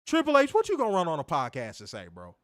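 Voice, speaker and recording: A man's voice: a little high, huge pitch swings, fast, no room sound. Podcast co-host, male, angry profane rant, dry close sound. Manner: profane, fiery, repetitive rhetorical questions. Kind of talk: heated ranting commentary.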